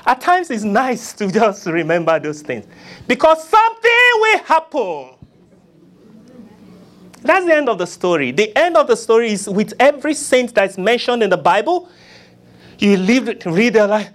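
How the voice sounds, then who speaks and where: A preacher delivering a sermon, pleading and acting out prayers, swinging from loud cries to hushed murmurs. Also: very animated, moderate pace. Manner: acts out begging prayers in a low, soft voice.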